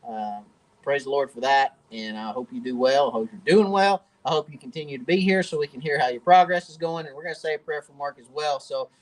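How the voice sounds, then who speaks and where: A man's voice: mid-range voice, fairly quick, rough recording. A man hosting a live-stream question and answer chat from his home workshop, folksy and talkative and laughing often. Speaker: host of a fishing channel.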